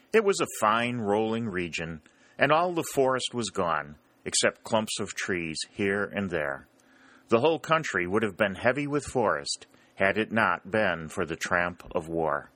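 A man narrating a historical novel in a steady, plain reading style. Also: lowish voice, dry recording. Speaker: audiobook narrator. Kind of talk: storybook narration.

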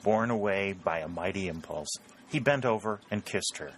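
A man with a deep, low voice narrates an audiobook at a measured, steady pace. A faint hiss sits under the reading.

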